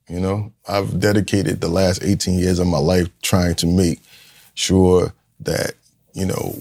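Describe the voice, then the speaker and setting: A deep, slightly mellow voice with a breathy edge belongs to a Newark, New Jersey community leader in his fifties. As a podcast guest, he tells a raw, profane personal story with blunt, streetwise phrasing, vividly acting out the voices of people he quotes.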